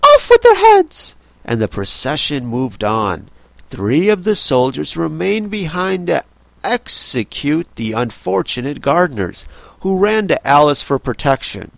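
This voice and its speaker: Slow, gravelly male storyteller. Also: on the high side, dry recording. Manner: expressive, unhurried reading. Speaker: audiobook narrator. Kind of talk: storybook reading.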